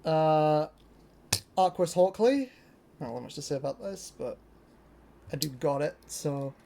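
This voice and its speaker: A young adult from Britain rambles excitedly through a laid-back show-and-tell of their toy collection, full of fillers. The medium-pitched voice runs a little slow and has vocal fry, with slight background noise behind it.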